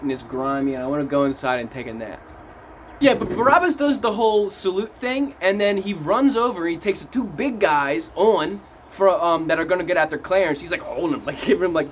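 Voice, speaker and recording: Young man, high-pitched, casual movie recap, profane, animated, faint noise behind. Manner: animated, profane, acts out scenes. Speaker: movie reviewer. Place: outdoors in wet cold weather.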